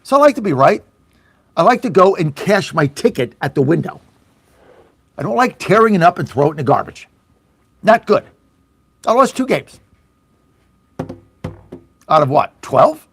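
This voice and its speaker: Fired-up, high-pitched angry talk host. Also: male voice, sing-song, normal speed, pauses often, fairly bright tone, husky, dry recording. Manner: angry, sarcastic, mocking voices of opponents; blunt, swears, repeats for emphasis. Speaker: radio talk show host. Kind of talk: fiery political talk radio rant.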